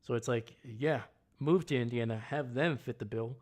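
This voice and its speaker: A man's voice: medium pitch, normal speed. A man hosting a casual live stream, ranting bluntly and heatedly about sports. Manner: greets chat viewers loudly. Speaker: livestream host.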